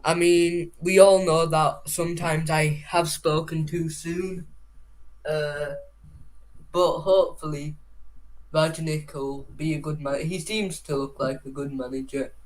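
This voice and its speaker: A man's voice: fairly high pitch, fairly even intonation, a little slow. A young man from England co-hosting a casual live-stream chat about football, rambling and swearing casually as he reads out viewers' names. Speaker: football podcast co-host.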